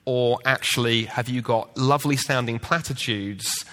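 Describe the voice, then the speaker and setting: A man's voice: medium pitch, normal speed. A man on a debate panel, arguing his point and telling stories with acted-out voices. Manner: animated storyteller, acts out quoted voices. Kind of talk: public debate talk. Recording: long hall reverb.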